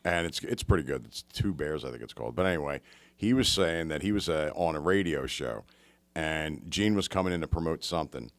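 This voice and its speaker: A man's voice: rumbling low, expressive, fairly quick, no echo. A man co-hosting a podcast in casual chat, throwing in dry, teasing wisecracks. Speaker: podcast co-host.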